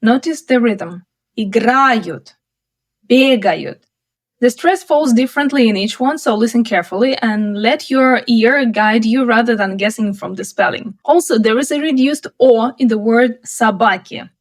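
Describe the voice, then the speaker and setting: A woman with a somewhat high voice walks a learner through pronunciation in a calm, clear, patient way. She slows right down for each model sentence, and she is recorded outdoors while walking through a city. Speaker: Russian language teacher. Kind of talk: pronunciation lesson with slow model readings.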